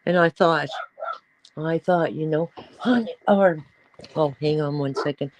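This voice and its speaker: A woman's voice: low voice, measured pace, pauses often, darkish tone, slight background noise, low-quality recording. A middle-aged woman hosting a casual livestream, chatting in a rambling way and cooing at her pets. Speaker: livestream host.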